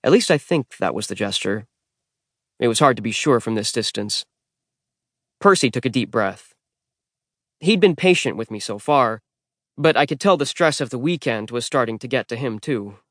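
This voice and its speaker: Casting male audiobook narrator, mid pitch, wry deadpan read, dry booth. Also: moderate pace, pauses often, no room sound. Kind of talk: first-person scripted narration. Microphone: close studio mic. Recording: dry studio recording.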